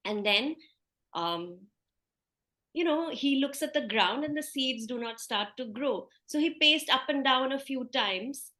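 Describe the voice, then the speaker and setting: A woman meditation teacher giving a spiritual talk, telling a story in a gentle, conversational way. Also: high-pitched, lively intonation, a little slow.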